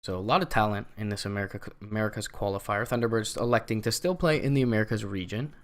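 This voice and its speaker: Canadian guy casting esports by himself, slightly low voice, laid back, lots of "you know". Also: fast talker. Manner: chatty, relaxed analysis with fillers. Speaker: esports caster. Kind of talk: solo play-by-play commentary.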